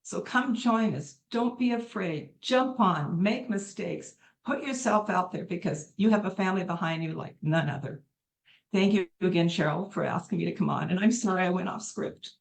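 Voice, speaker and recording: A woman's voice: on the low side, moderate pace, gravelly. Middle-aged woman, heartfelt testimonial on a video call, earnest and effusive. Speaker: testimonial speaker on a live call.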